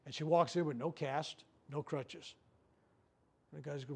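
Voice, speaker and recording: Guy preacher telling healing stories at a workshop, voice a bit high, acts out the quotes. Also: normal speed, creaky, pauses often, slightly rough. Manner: animated storyteller, acts out quoted speech. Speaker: reverend leading a healing workshop. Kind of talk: storytelling workshop talk. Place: room at a medical center, before a live audience.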